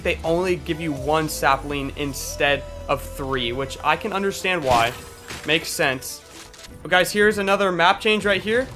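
Young guy yelling and hyping over a game, voice sits kinda high, music going under it. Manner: hyped, exclamatory, quick asides. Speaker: gaming YouTuber. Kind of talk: excited gameplay commentary.

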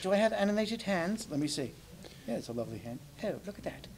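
A man's voice: high-pitched, very animated, fast talker, gravelly, slight background noise, pitched above the performer's own voice, exaggerated voice. A man voicing a vain, posh male puppet with a put-on British accent. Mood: prim.

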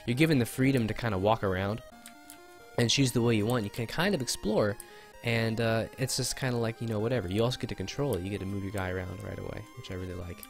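A man's voice: on the low side, quick pace, soft background music. A man giving casual, rambling and enthusiastic commentary while playing an old video game. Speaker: let's play host.

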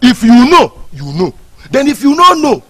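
A mocking Nigerian gatekeeper. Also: male voice, extremely high pitch, huge pitch swings, moderate pace, a bit bright, husky, heavily acted. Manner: mocking, speaks Nigerian Pidgin, threatens. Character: rude young male gatekeeper, mocking and bossy.

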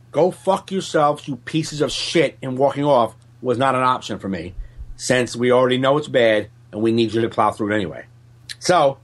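A man, a stand-up comedian, telling a story in casual podcast chat, swearing and acting out other people's voices. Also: mid-range voice. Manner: profane, animated, acts out other people's voices.

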